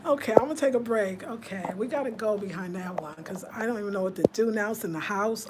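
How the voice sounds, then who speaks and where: A woman, chatting casually with viewers on a livestream, swinging between loud laughter and hushed murmurs. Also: medium pitch, fast talker, few pauses, background noise. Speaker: vlogger.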